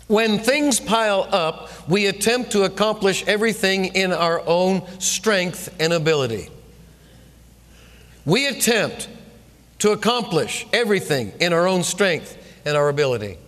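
A man preaching a sermon as pastor, telling a story with lively delivery and repeating phrases for emphasis. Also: sits high, a little slow. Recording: long reverb of a large room.

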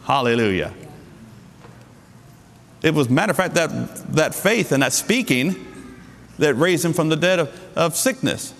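A middle-aged man preaches a sermon in a church hall, his voice sitting a little high for a man. He leans on key words, slowing down and leaping up in pitch for emphasis. A long reverb trails behind him in the room. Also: expressive, fairly bright tone. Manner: emphatic preaching with sudden pitch jumps and slowed stresses. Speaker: pastor.

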